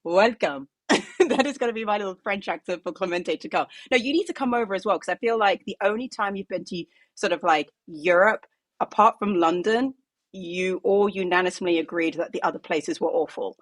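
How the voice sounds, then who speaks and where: A woman's voice: mid-range voice, brisk, dry recording. A woman co-hosting a podcast, chatting in a playful, upbeat way and reading a market news roundup. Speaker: co-host.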